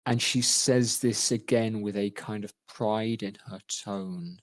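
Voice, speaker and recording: A man narrating as game master of a tabletop game, measured and thoughtful, with frequent ums. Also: lowish voice, steady tone, no room sound.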